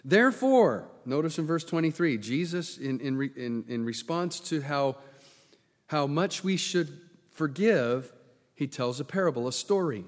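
Preacher in a reverberant hall. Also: male voice, fairly high pitch, lively intonation, a little slow. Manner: dramatic swings from loud to hushed, acts out quoted voices. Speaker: pastor. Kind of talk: sermon.

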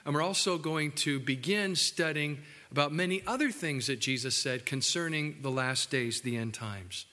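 A man preaching a sermon as pastor, animated and joking with his congregation. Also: a little high, moderate pace, few pauses, in a large hall. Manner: animated, acts out quotes, jokes with the congregation. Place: church building.

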